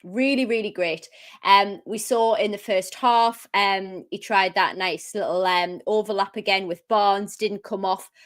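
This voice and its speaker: A woman co-hosting a live football show, enthusiastic and quick, chatting casually about the match. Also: medium pitch. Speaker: co-host.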